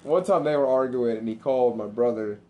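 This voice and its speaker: A man on a podcast telling crude stories in casual chat, often jumping into high mocking voices to act out others. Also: a little fast, dull audio, a little hiss or hum. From Sicilian and Irish family background.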